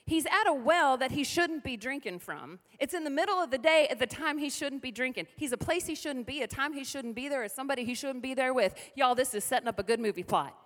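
A middle-aged woman pastor preaching a lively sermon with call-and-response to the congregation. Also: high-pitched, fast talker, few pauses. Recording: reverberant hall.

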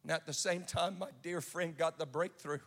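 A man with a high-pitched voice delivers an impassioned sermon. He tells the story with a rising and falling intensity, from loud cries to soft, hushed lines. His voice rings through a large hall with a long reverb tail. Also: fairly even intonation, moderate pace, gravelly. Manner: impassioned storytelling, swinging from shouts to hushed tones. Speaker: preacher.

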